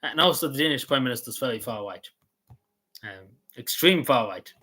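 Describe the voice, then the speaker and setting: Cavan irish guy rambling on a stream, bright sharp voice, lots of ums and restarts. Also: mid-range voice, lively intonation, moderate pace, slightly rough. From Ireland. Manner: rambling, full of restarts and fillers. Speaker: vlogger. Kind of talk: casual livestream chat.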